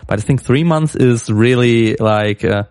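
A man's voice: mid-range voice, unhurried, a little mellow, smooth, no room sound, clean studio sound. A man co-hosting a casual tech podcast, thoughtful and a bit hesitant. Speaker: podcast co-host.

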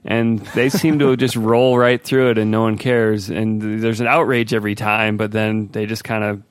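A man co-hosting a podcast, chatting casually about tech in a relaxed way, often laughing. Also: lowish voice, normal speed, clean tone, no echo, studio quality. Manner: relaxed, laughs easily, mimics voices.

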